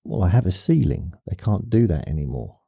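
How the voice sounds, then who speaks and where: A man hosting a podcast, softly spoken, rambling along in a meandering monologue meant to lull listeners to sleep. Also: low-pitched, sing-song, brisk, creaky, slightly rough, no room sound. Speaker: podcast host.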